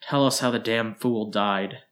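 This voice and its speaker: A man's voice: fairly low pitch, fairly even intonation, unhurried, a bit bright. A man voicing a bitter, exhausted woman who speaks in a slurred, sneering way. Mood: weary. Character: bitter, worn-out drunk woman, venomous.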